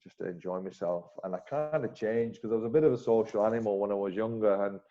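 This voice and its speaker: A man, a former cricketer as interview guest, telling animated stories with many restarts. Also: fairly low pitch, quick pace. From Bolton, northern England. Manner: animated anecdotes, frequent restarts, acts out dialogue. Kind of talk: casual interview storytelling. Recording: slightly muffled recording.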